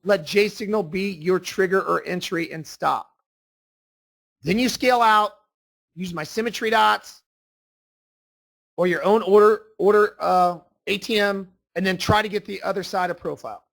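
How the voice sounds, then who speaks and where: Man, high voice, trading instructor, emphatic, repetitive, salesy, desk mic voice-over. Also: normal speed, creaky, a bit bright. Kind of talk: screen-share trading lesson.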